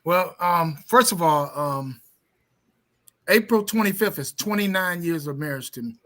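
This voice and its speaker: A man's voice: fairly high pitch, animated, a little slow, sharp tone. A man in his fifties, a pastor, talking earnestly and emphatically in a casual interview.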